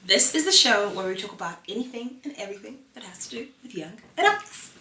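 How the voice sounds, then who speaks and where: A woman's voice: medium pitch, lively intonation, quick pace, sharp tone. A young adult woman hosting a casual talk show, playful and teasing. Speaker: host. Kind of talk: casual chat. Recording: echoey room, mic at a distance.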